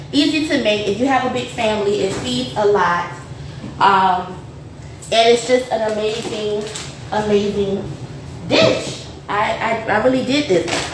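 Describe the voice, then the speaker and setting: A chatty woman hosts a casual home cooking stream, speaking a bit high and talking straight to her viewers. Her voice sits away from the mic in an echoey kitchen, with faint noise behind her. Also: far from the mic. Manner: chatty and upbeat, addressing viewers as y'all. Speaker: host of a home cooking show. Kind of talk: casual livestream cooking chat.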